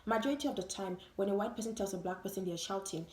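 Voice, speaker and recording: A woman's voice: medium pitch, very fast, a little mellow. Woman ranting to camera, hammering points again and again, bit of room echo. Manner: emphatic, repetitive, rhetorical questions. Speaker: vlogger. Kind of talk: opinion vlog monologue. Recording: roomy echo.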